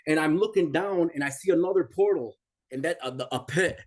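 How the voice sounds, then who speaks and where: A man's voice: fairly high pitch, a little fast. A man in his forties giving an emotional personal testimony as an interview guest, intense and repetitive, often restarting his sentences. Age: 40s. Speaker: guest telling a near-death experience.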